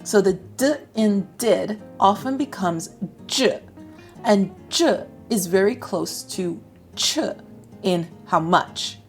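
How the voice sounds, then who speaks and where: An American woman explains English phrases in a chatty, upbeat teaching voice at an ordinary middle pitch. Soft guitar music plays faintly behind her. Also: takes it slowly. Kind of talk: explaining lesson to camera.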